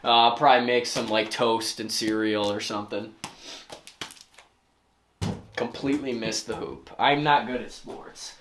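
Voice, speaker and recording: A man in his thirties talking casually to camera in a vlog, rambling and self-mocking with sudden loud outbursts. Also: mid-range voice, fairly even intonation, measured pace, pauses often, slight background noise. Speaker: vlogger.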